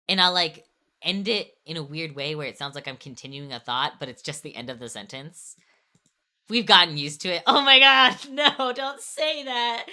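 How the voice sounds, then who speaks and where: A woman's voice: sits low, sharp tone. A young woman streamer chatting casually, rambling and restarting her sentences with little laughs. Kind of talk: casual chat on an art stream.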